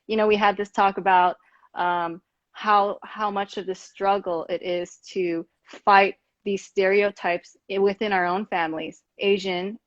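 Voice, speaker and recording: A woman's voice: medium pitch, no echo. Earnest rambling woman, muffled dry sound. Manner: earnest, rambling, many fillers. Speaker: podcast host. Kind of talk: casual conversation.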